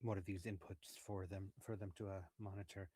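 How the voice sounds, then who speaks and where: A man playing a tabletop role-playing game, speaking in a measured, formal way. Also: low-pitched, level tone, warm tone, breathy edge, dry recording. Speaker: player.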